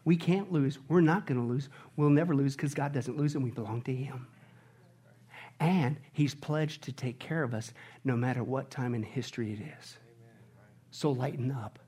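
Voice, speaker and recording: A man preaching a sermon to his congregation in an animated way. He asks rhetorical questions constantly and swings from hushed lines to loud, emphatic ones. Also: medium pitch, normal speed, husky. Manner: animated, rhetorical, keeps asking "right?". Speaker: pastor. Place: church service before a congregation.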